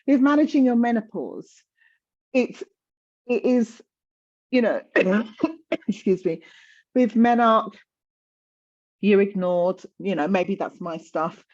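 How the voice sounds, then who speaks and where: A woman's voice: medium pitch, animated, slow, pauses often, a little mellow, highs cut off. A woman in her fifties talking candidly in conversation, passionate and emphatic, often repeating words for stress. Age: 50s.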